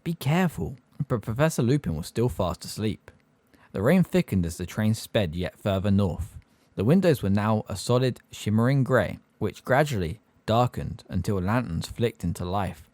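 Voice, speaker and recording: A man narrating a fantasy audiobook with an expressive delivery. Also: lowish voice, normal speed, no room sound. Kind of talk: fan audiobook reading.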